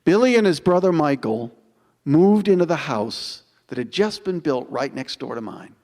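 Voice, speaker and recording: A man's voice: on the high side, expressive, darkish tone. Older man orating in a reverberant auditorium. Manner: dramatic, building repetitions with slow emphatic pauses. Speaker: motivational speaker. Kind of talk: inspirational storytelling speech. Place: large auditorium.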